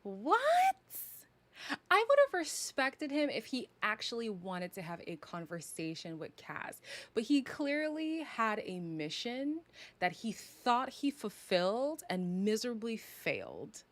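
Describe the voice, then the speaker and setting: A woman's voice: medium pitch, very animated, measured pace. A young woman from Canada reviewing a reality show on a live stream in a sassy, dramatic, teasing way, often laughing. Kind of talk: casual live review chat.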